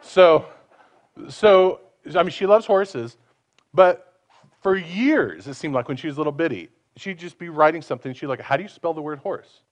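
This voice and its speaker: A man's voice: fairly high pitch, animated, moderate pace, highs cut off. A man preaching a conversational sermon, asking his listeners questions and acting out the voices he quotes.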